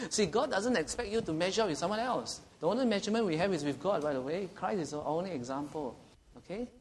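A man's voice: on the high side, animated, a little fast, a little mellow, slight background noise. A middle-aged man with a Singaporean English accent, preaching a sermon in a conversational way, asking the congregation questions and chuckling at his own jokes.

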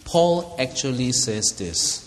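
A man preaching a sermon as a pastor, laughing often and loudly acting out the words he quotes. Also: medium pitch, big pitch swings, slow. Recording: long hall reverb.

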